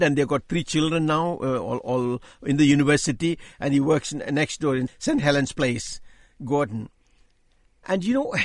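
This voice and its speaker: An older man giving an emphatic sermon-style testimony, repeating key phrases, his voice rising as he gets excited. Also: fairly high pitch, no echo, studio quality. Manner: voice rises when speaking with excitement. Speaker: Christian speaker giving testimony.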